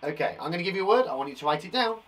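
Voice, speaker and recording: A man from England leading a live phonics lesson for young children, sounding out words slowly with a blocked nose and an encouraging manner. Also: high-pitched, lively intonation, fairly bright tone. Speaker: primary school teacher.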